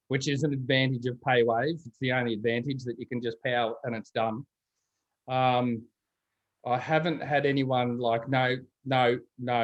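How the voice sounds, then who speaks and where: A man's voice: mid-range voice, muffled recording. Aussie guy chatting, tells stories, does the voices of the people he talks about. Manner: chatty storyteller, acts out quoted voices. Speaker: guest. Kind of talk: casual chat.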